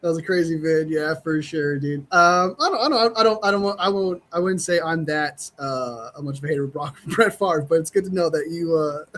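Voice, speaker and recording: Easygoing male sports podcaster, slightly high-pitched, relaxed chuckling delivery. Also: brisk, hardly any pauses. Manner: laid-back, chuckling, says "dude" often. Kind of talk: casual sports podcast chat.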